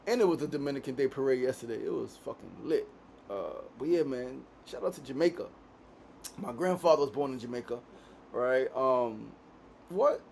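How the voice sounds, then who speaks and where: This podcast host from Queens, New York runs a relaxed daily show in a studio. His mid-pitched voice is expressive and a bit mellow, with vocal fry, a moderate pace, and slight background noise. He cusses without hesitation and tacks "right?" onto his lines constantly.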